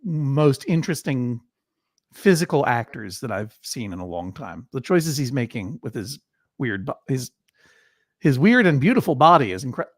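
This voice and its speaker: A man's voice: mid-range voice, big pitch swings, normal speed, no echo. Goofy rambling host guy, voice bounces all over, dry close sound. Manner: playful, rambling, absurd asides. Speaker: talk show host. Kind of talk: casual video chat.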